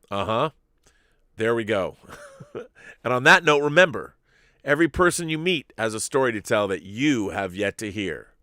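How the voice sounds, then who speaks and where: A man hosting a casual live-stream chat, rambling and animated, restarting his sentences, a little giddy and loopy. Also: on the low side, clear, resonant tone, no echo, studio quality. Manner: rambling and animated, self-interrupting. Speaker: show host.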